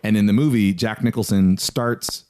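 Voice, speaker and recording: A man's voice: on the low side, fairly even intonation, moderate pace, darkish tone. A man co-hosting a casual movie commentary, joking around and putting on silly voices. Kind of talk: casual comedic chat.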